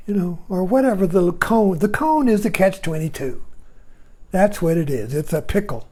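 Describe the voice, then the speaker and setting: A man's voice: high-pitched, lively intonation, normal speed, darkish tone. A man giving a rambling, casual talk, chuckling often and breaking off mid-sentence. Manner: chuckling, digressive, self-interrupting. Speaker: speaker on Zen and irony.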